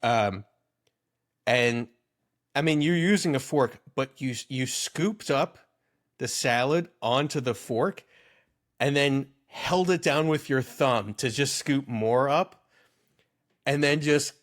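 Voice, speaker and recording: A man's voice: medium pitch, slow, long pauses. Rambling, amused man in his thirties. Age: 30s. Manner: rambling storyteller, amused and animated. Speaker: podcast co-host. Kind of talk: casual chat.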